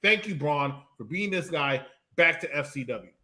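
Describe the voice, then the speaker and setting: A man's voice: on the high side, expressive, normal speed, a crowd in the background. A man co-hosting a casual wrestling review show, mocking and joking. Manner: mocking, does exaggerated quoted voices. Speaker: podcast co-host.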